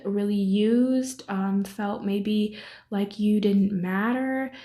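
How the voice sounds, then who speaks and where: A woman's voice: medium pitch, mellow. A young woman giving a casual tarot reading to camera, talking freely with many fillers and tag questions. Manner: chatty, many fillers, ends points with 'right?'. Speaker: tarot reader.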